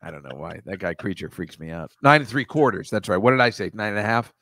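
A man's voice: on the low side, animated, fast talker, bright, forceful tone, no room sound. Profane, rambling male comedy host. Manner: rambling, profane, sarcastic asides. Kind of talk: casual comic riffing.

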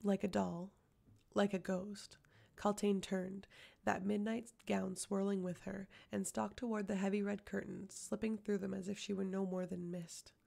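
Woman, audiobook narration, gravelly, flat, steady reading. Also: medium pitch, moderate pace. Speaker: audiobook reader.

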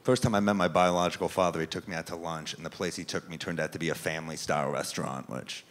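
A man from New York doing a stand-up comedy set with a dry, deadpan delivery, dropping into lower voices for the people he quotes. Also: fast talker. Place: comedy club stage before a live audience. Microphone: handheld stage microphone. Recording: live club recording with crowd noise. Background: audience laughter and club ambience.

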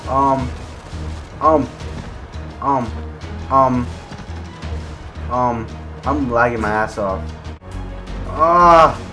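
A young man giving gameplay commentary, swearing, swinging between low mutters and raging shouts. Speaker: gaming video creator.

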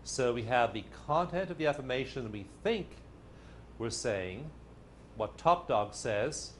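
A man with a middle-pitched voice leads a lively workshop with a playful, joking delivery. He slips in little acted-out voices as he teaches. A faint hiss of room noise sits underneath. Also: unhurried. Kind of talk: lively teaching talk to a live audience.

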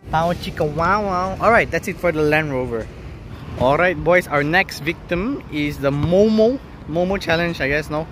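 A man vlogs casually outdoors, thinking aloud in laid-back slang while he sets up photos. His voice is a little high and his speed normal, with music playing underneath.

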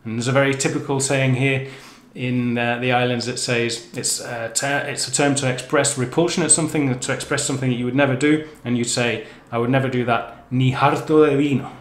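A man's voice: medium pitch, level tone, brisk, roomy sound. A man explaining the features of a language in a chatty, self-correcting way, with frequent restarts. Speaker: language teacher. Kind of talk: educational explainer. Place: living on the Canary Islands.

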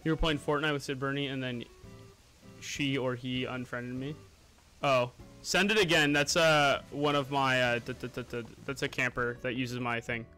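A man's voice: mid-range voice, steady tone, normal speed, bright, forceful tone. A young man streaming a game live, chatting casually and greeting viewers by name as he plays and eats. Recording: music playing underneath.

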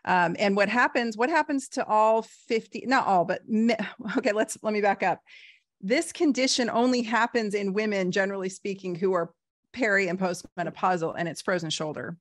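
A woman in her forties talks with frank, lively energy, punching points with emphatic bursts and easy laughs. Her voice sits in a middle register, and the sound is dry and close with no room around it. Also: medium pitch, normal speed, dry recording. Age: 40s. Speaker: guest doctor. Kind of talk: casual interview talk.

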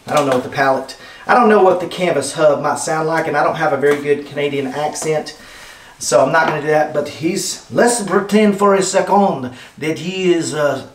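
An enthusiastic man rambles through a casual unboxing, chatting to his viewers like friends. His voice sits a little high for a man. He stands back from the mic in an echoey indoor room. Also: animated, normal speed, distant mic. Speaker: product reviewer. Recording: roomy sound, off-mic.

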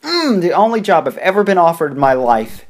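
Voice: mid-range voice, sing-song, fairly quick. Young adult gamer rambling over play. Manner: rambling, hums to self, sudden loud outbursts at the game. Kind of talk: rambling game commentary. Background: faint game music.

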